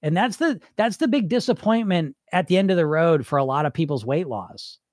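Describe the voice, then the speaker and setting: The host of a weight loss podcast speaks a little fast in a fairly high, animated voice with a darkish tone. Bluntly emphatic, he laughs often and imitates what dieters say in a casual monologue, recorded at studio quality with no room sound.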